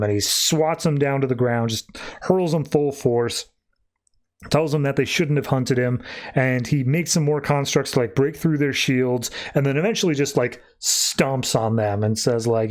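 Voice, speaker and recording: A man's voice: medium pitch, unhurried. A man hosting a podcast, loosely retelling a comic plot with plenty of fillers. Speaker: podcast host. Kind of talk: casual comic recap.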